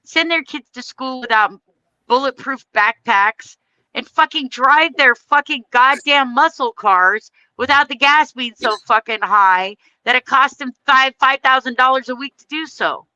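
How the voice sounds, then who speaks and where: A woman's voice: high voice, measured pace, pushed and bright, dry recording, lo-fi sound. An American woman hosting a livestream, delivering a heated, profane political rant with blunt emphasis. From United States. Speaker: livestream host.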